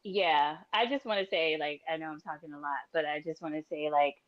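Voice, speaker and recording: A woman's voice: low-pitched, brisk, dull audio, a crowd in the background. A woman co-hosting a casual faith podcast, talkative and laughing often as she chats with her friend. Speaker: podcast co-host.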